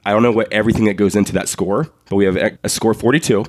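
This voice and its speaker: A man's voice: on the low side, steady tone, rapid-fire, darkish tone, no room sound, studio quality. A middle-aged man co-hosting a podcast, upbeat and laughing often. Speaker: podcast co-host. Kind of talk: podcast chat.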